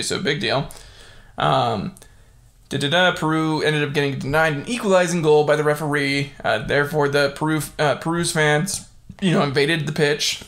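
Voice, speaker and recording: A young man hosting a casual solo podcast, reading facts haltingly with lots of fillers and breaking into excited exclamations. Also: a little high. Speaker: podcast host.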